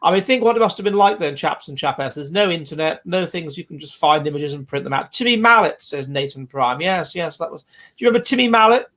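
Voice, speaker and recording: A man's voice: on the high side, animated, quick pace, fairly bright tone. A man, hosting a livestream and reading out viewer comments in a rambling, digressive way. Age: 40s. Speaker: livestream host.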